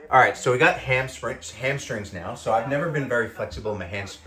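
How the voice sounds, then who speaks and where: A man's voice: mid-range voice, brisk, pushed and bright. Man, Australian accent, casual workout vlog, whiny and self-mocking, strained and breathless, roomy echo. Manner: whiny, self-mocking, groaning through stretches. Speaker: fitness vlogger.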